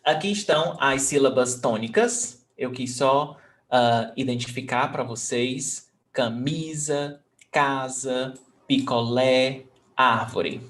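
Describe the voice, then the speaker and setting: A man's voice: mid-range voice, a little slow, a bit bright. A man, teaching an online language lesson patiently, repeating words and checking in with "ok?". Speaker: Portuguese teacher.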